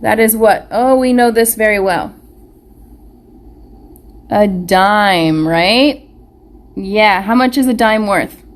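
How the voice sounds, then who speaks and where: Speaking slowly in a mid-range voice with long pauses, a young preschool teacher runs a live online phonics class for little kids. She poses questions and answers them herself, sounding out each letter with care, recorded on a webcam or phone camera.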